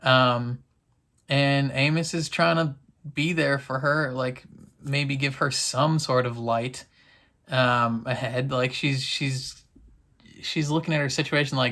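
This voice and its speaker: A young man talks through an episode in a loose, rambling way. His voice sits at a middle pitch, and he leans on fillers and quick laughs as he recaps. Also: steady tone, bright, forceful tone. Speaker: TV reaction vlogger. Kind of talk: casual recap chat.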